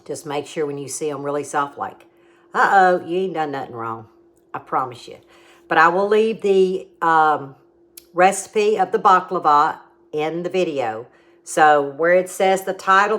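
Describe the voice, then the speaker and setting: Slow, low-voiced woman cooking host. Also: fairly bright tone. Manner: chatty and homey, explains steps patiently. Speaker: home cooking vlogger. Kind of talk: casual cooking demo and tasting.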